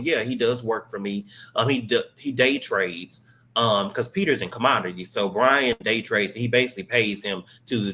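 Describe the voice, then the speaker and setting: A young man with a lowish voice talks through a TV episode in a loose, rambling way, filling gaps with "um" and "like." He jumps into quick bursts of the characters' lines as he retells the plot. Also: pushed and bright. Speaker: host recapping a TV episode. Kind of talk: casual recap.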